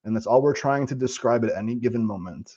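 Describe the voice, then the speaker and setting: A man's voice: mid-range voice, quick pace, darkish tone, muffled recording. A man live-streaming and answering chat in a casual, profane, rambling way, talking about spiritual ideas.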